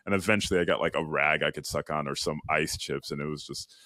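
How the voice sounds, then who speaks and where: A man's voice: extremely low pitch, quick pace, no echo, clean studio sound. A man from Chicago, a podcast guest, telling a personal story earnestly and reflectively, voicing the inner questions he heard. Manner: earnest, lively retelling with quoted inner voices.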